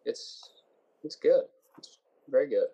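A young man discussing a book in casual conversation, hesitant and soft-spoken, often trailing off. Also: medium pitch, animated, slow, breathy edge, poor audio.

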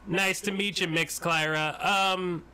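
A man's voice: sits high, fairly even intonation, takes it slowly, pushed and bright, clear, resonant tone, voice pushed up, heavily acted. A man voicing a polite, hesitant guard asking someone to come along. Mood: sheepish. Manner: hesitant, apologetic. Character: polite sheepish male guard.

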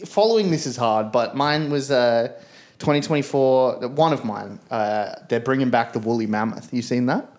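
A man's voice: medium pitch, normal speed, darkish tone. Crude joking young man. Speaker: podcast co-host. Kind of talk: casual chat.

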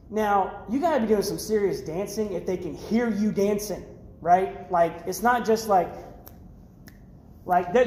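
In an echoey church hall, an American youth pastor with a very high-pitched voice gives students a lively, casual sermon. He acts out the characters' lines animatedly, using loud outbursts and slang.

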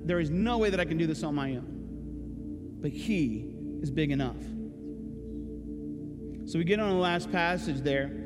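Guy preaching in a church, chatty, lots of rhetorical questions, loud music under him. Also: sits high, long reverb tail. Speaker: pastor. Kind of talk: sermon.

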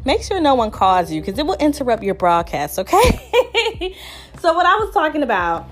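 A young woman, hosting a podcast and telling a story in slangy, animated casual chat over a phone app. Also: high-pitched, normal speed. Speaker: podcast host.

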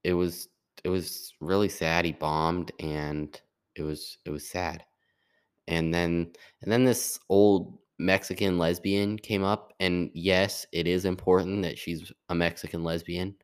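A man's voice: low-pitched, level tone, measured pace, clean tone. A young man talking in a casual, rambling monologue, full of restarts and fillers. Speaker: podcast host.

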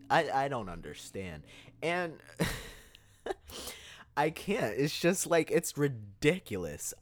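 A man's voice: mid-range voice, no echo, studio quality. A man hosting an opinion podcast, talking emphatically and tossing out rhetorical "right?" questions. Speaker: podcast host. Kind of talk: opinion commentary monologue.

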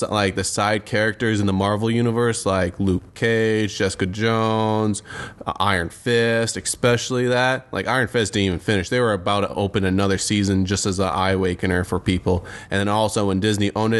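A man's voice: lowish voice, fairly even intonation, brisk. A young man in casual chat, rambling and filling his speech with "like", with some swearing. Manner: rambling, full of "like" fillers, swears.

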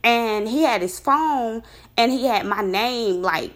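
A woman casually telling a personal story, rambling and animated, her voice jumping high when she recounts her disbelief. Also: slow pace. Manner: rambling with many fillers and restarts.

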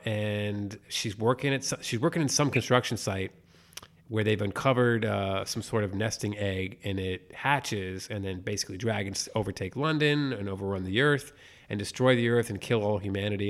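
Animated swearing man chatting on a podcast. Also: fairly low pitch, normal speed. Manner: animated, swearing, laughs a lot. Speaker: podcast co-host. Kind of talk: casual chat.

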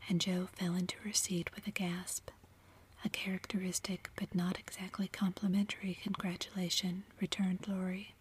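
A woman's voice: fairly low pitch, level tone, normal speed, husky. A woman reading a classic novel aloud as a whispered role-play in an unvoiced whisper. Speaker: reader.

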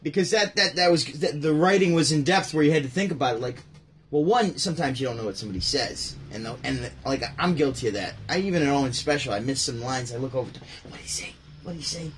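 A man casually commenting on comedy clips, laughing often and repeating the jokes excitedly. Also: mid-range voice, fast, slight background noise. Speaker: host reacting to comedy.

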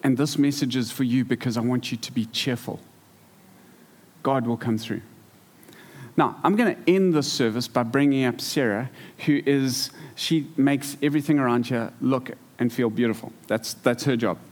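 A man preaching to a church congregation, telling stories in a lively way that stumbles and repeats words. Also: mid-range voice, normal speed. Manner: storytelling, animated, repeats words. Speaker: pastor. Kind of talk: sermon. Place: church hall.

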